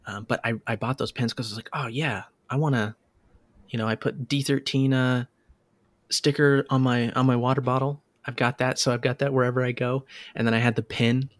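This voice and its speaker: A man co-hosting a podcast, telling stories in a casual, animated way with lots of restarts and laughs. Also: mid-range voice, a little fast, dry recording. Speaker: podcast co-host. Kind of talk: casual chat.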